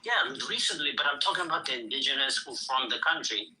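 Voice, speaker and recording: Brash, foul-mouthed man with a bright voice. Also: medium pitch, animated, fast, slight background noise, low-quality recording. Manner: brash, insulting, profane, talks over others. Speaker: livestream host. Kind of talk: heated livestream argument.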